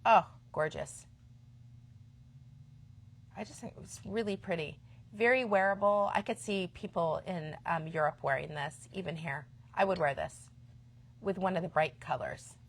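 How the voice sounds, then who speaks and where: A woman in her fifties hosting a live stream for a yarn shop, chatting casually and enthusiastically, sometimes dropping to a quiet aside. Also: lowish voice, normal speed, long pauses. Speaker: shop host. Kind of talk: live-stream product chat.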